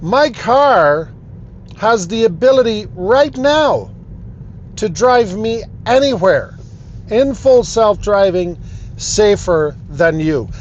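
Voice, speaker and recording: Male car vlogger, high voice, slow deliberate delivery, emphatic and indignant. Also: animated, muffled recording, a little hiss or hum. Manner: emphatic, indignant ranting with repeated phrases. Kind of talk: talking to camera. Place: in his car.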